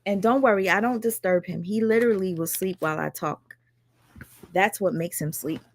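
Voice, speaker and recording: A woman's voice: mid-range voice, normal speed. A woman chatting casually and candidly as a reaction streamer, swearing freely as she talks. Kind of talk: casual chat.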